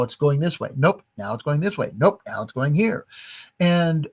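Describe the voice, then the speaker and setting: A man teaching a literature lesson in a casual, chatty way, often asking "right?" and briefly acting out what the characters say. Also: medium pitch. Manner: chatty, frequent "right?" and "like", acts out quoted lines.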